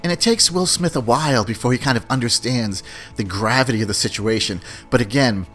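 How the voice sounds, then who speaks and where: A man's voice: medium pitch, fairly quick, a bit bright, faint music behind. A man hosting a podcast in a casual, rambling monologue, chatty and loose, often tossing in "man" and "you know". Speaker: podcast host.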